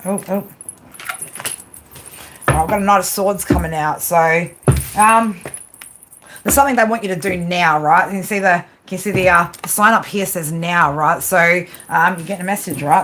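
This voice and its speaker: A woman's voice: on the low side, normal speed, background noise. A woman giving live tarot readings, blunt and rambling, swearing heavily and tagging her lines with "right?". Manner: blunt tough-love talk with heavy swearing; rambling, with constant "right?" tags. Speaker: tarot card reader.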